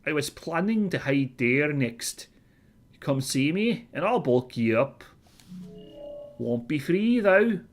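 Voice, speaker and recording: A man's voice: on the high side, animated, slow, pauses often, soft background music, pitched above the performer's own voice. A man voicing a chirpy Scottish robot mechanic woman. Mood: friendly. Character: friendly female robot salvager and mechanic.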